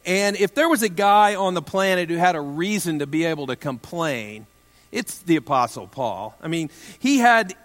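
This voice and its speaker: A man's voice: on the high side, moderate pace. Man preaching with a long hall reverb. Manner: conversational and humorous, with self-deprecating asides. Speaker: pastor. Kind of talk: sermon.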